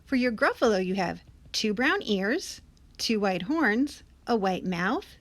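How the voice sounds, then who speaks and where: A woman's voice: medium pitch, very animated, a little slow. A woman children's librarian reading a story and explaining a craft patiently to young kids.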